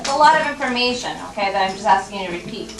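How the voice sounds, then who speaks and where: A medium-pitched woman with lively intonation races along over a loud crowd as she teaches a first grade class. Patient and coaxing, she models reading word by word, heard from a distance in a roomy, noisy classroom recording.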